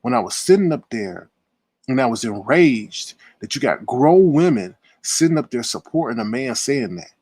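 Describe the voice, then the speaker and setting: Husky man ranting indignantly on a livestream. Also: very animated, normal speed, dry recording. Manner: confrontational, indignant, swings between loud outbursts and low muttering. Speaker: live-stream commentator. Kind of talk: heated live-stream rant.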